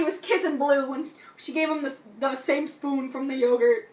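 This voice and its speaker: Gushing young woman with a high voice. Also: normal speed, few pauses, slight background noise. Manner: gushing, excitable fan talk full of "like" and "you know". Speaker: book vlogger. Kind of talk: casual book review. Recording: echoey room, distant from mic.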